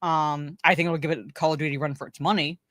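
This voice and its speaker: A woman's voice: low voice, steady tone, quick pace, a bit bright, no room sound. A woman co-hosting a casual pop culture podcast, rambling, swearing and repeating herself as she talks. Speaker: podcast co-host.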